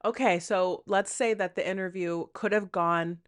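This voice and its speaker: A woman's voice: on the low side, fairly even intonation, moderate pace, clear, resonant tone. A woman hosting a solo podcast, talking frankly and rambling in a self-deprecating way, often quoting her own inner thoughts and swearing casually. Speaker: podcast host. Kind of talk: candid solo podcast monologue.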